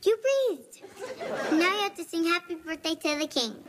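A woman's voice: extremely high pitch, animated, moderate pace, over a noisy crowd, heavy background noise. An actress playing a pushy little girl of about six who makes up the rules as she goes.

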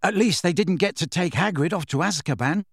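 A man's voice: high voice, fairly quick, a bit bright, husky, no room sound, clean studio sound, pitched above the performer's own voice, exaggerated voice. A man voicing a worried teenage schoolboy who asks plain, uneasy questions.

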